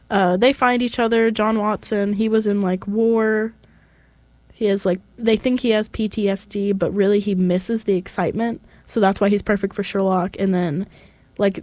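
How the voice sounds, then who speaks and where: A woman's voice: medium pitch, moderate pace, darkish tone, no room sound. A woman co-hosting a podcast, chatting casually and enthusiastically, rambling with restarts. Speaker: podcast co-host. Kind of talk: casual chat.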